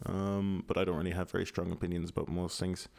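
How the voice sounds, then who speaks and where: A man's voice: low-pitched, little pitch movement, quick pace, vocal fry, darkish tone, dry recording. A young Irish man rambling to his podcast at home, mumbling and swearing, with many fillers. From Ireland. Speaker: podcast host. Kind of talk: casual rambling monologue. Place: home apartment.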